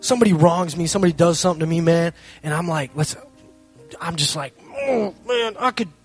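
A young man speaking to a live audience, telling a lively story with self-mocking humor and acting out both sides of the conversation. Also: fairly high pitch, quick pace, husky, faint music behind. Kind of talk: animated storytelling talk.

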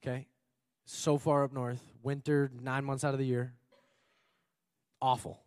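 A man's voice: medium pitch, flat delivery, measured pace, darkish tone, no echo, clean studio sound. A man from Minnesota preaching an earnest sermon as pastor, repeating phrases for emphasis. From Minnesota, USA. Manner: earnest and emphatic, with frequent repetition and occasional laughter.

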